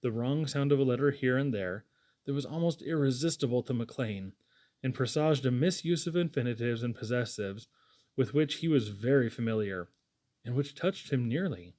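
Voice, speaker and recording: A man narrating a classic novel chapter as an audiobook reader, in a measured, expressive reading. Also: mid-range voice. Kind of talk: scripted narration.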